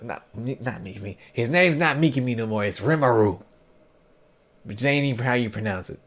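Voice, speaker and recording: A man casually recapping an anime episode for his review, rambling and loose, with plenty of fillers, self-corrections and slang. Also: fairly low pitch. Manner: informal slangy talk.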